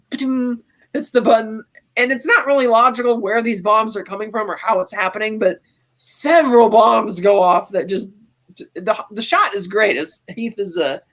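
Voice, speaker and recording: A podcast co-host casually recapping a movie scene by scene, quoting its lines along the way and laughing often. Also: mid-range voice. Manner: animated retelling, quoting movie lines in passing.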